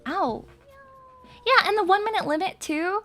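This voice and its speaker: A woman's voice: extremely high pitch, measured pace, fairly bright tone, faint music behind. A young woman streaming live, chatting in a hyper, rambling and crude way with her viewers. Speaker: VTuber streamer. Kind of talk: casual live-stream chat.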